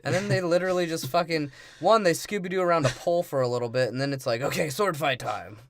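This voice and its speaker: A man's voice: fairly high pitch, fast, no room sound. A man co-hosting a comedy podcast, laughing often and piling crude jokes onto a movie recap. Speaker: podcast co-host.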